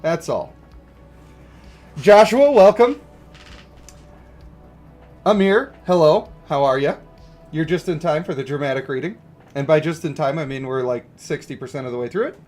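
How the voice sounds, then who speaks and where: A man's voice: fairly high pitch, expressive, moderate pace, pauses often, a little mellow, soft background music. A man giving casual, joking livestream commentary on a mobile game and greeting viewers. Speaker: gaming streamer.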